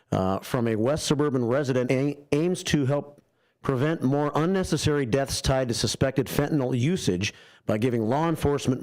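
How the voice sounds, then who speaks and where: Joking radio host reading aloud. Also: male voice, mid-range voice, a little mellow. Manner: joking, reads aloud with stumbles. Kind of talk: radio talk show, reading a listener message. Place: radio studio.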